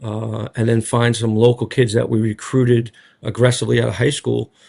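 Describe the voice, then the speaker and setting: A man's voice: medium pitch, level tone, normal speed, gravelly, warm tone. A man with a strong Rhode Island accent, a basketball coach chatting in a casual interview, talkative, with lots of fillers and tag questions. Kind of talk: casual media day interview.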